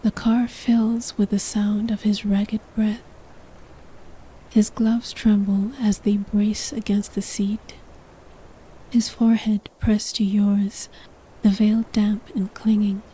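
A woman's voice: medium pitch, level tone, slow pace, warm tone, slightly rough, rough recording. A woman narrating a sensual story in the second person, in a whispered role-play.

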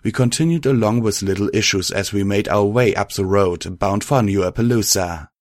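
A man reading a first-person fan fiction story aloud, steady and even. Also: lowish voice, moderate pace, no echo, clean studio sound. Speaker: narrator.

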